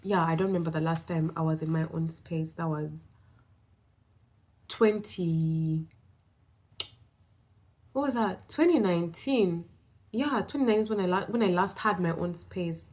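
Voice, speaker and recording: A woman from East Africa records a relaxed vlog update, her voice sitting a touch low. She rambles cheerfully and gushes with gratitude. A slight breathlessness runs under her words. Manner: rambling, upbeat and effusively grateful. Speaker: vlogger. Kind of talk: casual vlog check-in.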